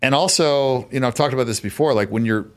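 A man's voice: medium pitch, fast. A man in his thirties, a podcast guest, telling stories in a laid-back, casual way and swearing often. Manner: laid-back, profane storytelling. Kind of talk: casual chat.

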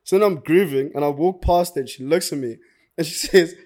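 Young South African man, slightly higher pitch, animated casual storyteller, swears a lot. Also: fairly quick. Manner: animated, slangy, swears freely, laughs through his story.

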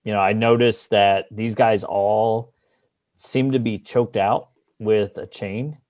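A man's voice: fairly low pitch, steady tone, slow pace, a little mellow, dry recording. A man playing a tabletop role-playing game, thinking aloud and laughing easily. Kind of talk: casual in-character game talk.

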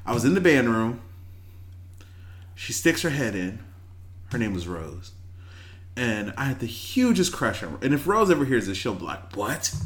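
Lively man telling stories, casual chat. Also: mid-range voice, normal speed, pauses often. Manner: lively storyteller, acts out quoted voices.

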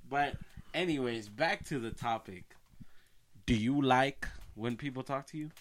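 A man in casual podcast chat, dropping quick joking, teasing remarks. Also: medium pitch.

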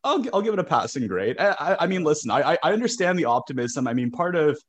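A man's voice: a little high, sing-song, fast talker, crowd noise. A man co-hosting a sports podcast, talking casually and often stumbling over the first words of his sentences. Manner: talkative, repeats words when starting sentences. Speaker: podcast co-host.

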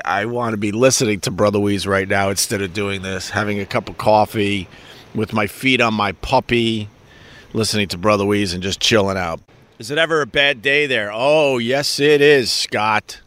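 A man's voice: on the low side, moderate pace, pushed and bright, no room sound. A middle-aged man with a Long Island accent hosting a live stream, chatting casually in a rambling, joking, profane way. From Long Island, New York.

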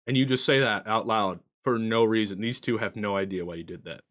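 A man narrating as game master of a streamed tabletop game, animated and swearing casually. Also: lowish voice, fairly quick.

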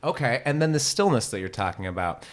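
A man's voice: medium pitch, sing-song, fast talker. A man hosting an interview, asking probing questions and summing up his guest's points. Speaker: podcast host.

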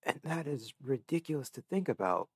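A man's voice: medium pitch, big pitch swings, normal speed, husky, dry recording, studio quality. A man in his twenties chatting earnestly on a podcast, sniffly and stuffed-up as if from crying. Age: 20s. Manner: earnest, emotional, reflective. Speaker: podcast co-host. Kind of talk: casual chat.

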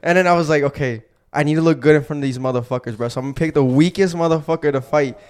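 Joking young man, a bit high-pitched. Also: very fast, darkish tone. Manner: profane, joking interjections. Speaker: podcast co-host. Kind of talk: casual chat.

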